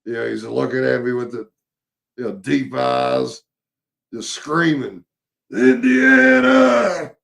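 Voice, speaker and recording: A man telling his own encounter story in a casual, halting way, with many fillers and restarts. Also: mid-range voice, little pitch movement, gravelly.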